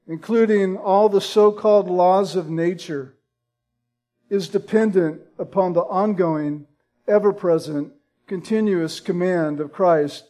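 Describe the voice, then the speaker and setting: A man preaching a sermon, deliberate and emphatic, building in intensity on key points. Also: sits high, mellow.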